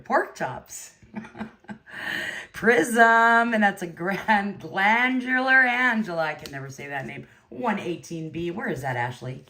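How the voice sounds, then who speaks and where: A woman hosting a card break, chatting casually and rambling between pulls, with excited outbursts. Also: medium pitch, takes it slowly. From California. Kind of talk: casual live-stream chat while opening cards.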